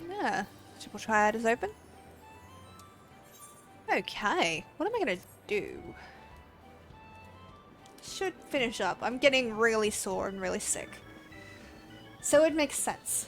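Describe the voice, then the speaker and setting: A young woman from Australia streaming a game, chatting casually with viewers, excitable, laughing often and swearing freely. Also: fairly high pitch, slow, long pauses, faint music behind. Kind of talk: casual live-stream chat.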